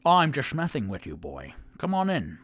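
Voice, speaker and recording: A man voicing a sly male shapeshifter disguised as a woman, who teases in a low, half-whispered way in a tabletop role-playing game. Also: wildly swooping pitch, moderate pace, fairly bright tone, slightly rough, no echo, heavily acted. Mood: teasing.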